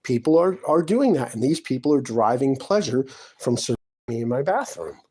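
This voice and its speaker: Talking to camera from his apartment, this man rambles through grievance after grievance, sounding distressed and wronged. He speaks a little fast in a medium-pitched, sing-song voice that is dark and slightly rough.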